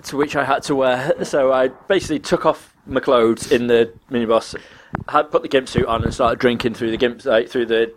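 A man recounting a story in loose, easygoing chat. He rambles, laughs often and slips into quick voices for the people in it. The recording has a faint hiss underneath. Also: medium pitch, fairly even intonation. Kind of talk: casual anecdote.

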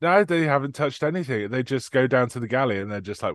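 A man co-hosting a film podcast in casual chat. His pitch rises and falls a lot as he recaps scenes, swears freely and slips into quick put-on lines from the film. The sound is close and dry, with no room around it. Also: expressive, no room sound. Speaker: podcast co-host.

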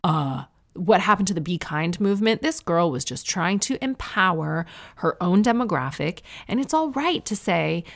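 Low-voiced Canadian woman chatting. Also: expressive, moderate pace, gravelly, hardly any pauses. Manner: chatty, self-mocking, opinionated. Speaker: vlogger. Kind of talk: casual chat to camera. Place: indoors at home.

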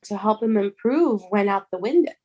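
A woman's voice: medium pitch, lively intonation, darkish tone, lo-fi sound. Earnest young mother telling her story. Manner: halting, restarts words, earnest. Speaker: guest. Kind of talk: emotional personal storytelling.

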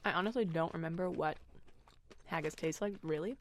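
A woman's voice: fairly low pitch, a little fast. A woman in casual snack-tasting chat, making wry, teasing quips.

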